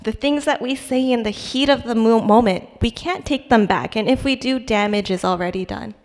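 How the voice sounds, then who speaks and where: This young woman's voice is fairly high and a little mellow, moving at a moderate pace as she offers her testimony at church. Long hall reverb colors the recording, and she speaks in a conversational, hesitant manner marked by restarts and fillers.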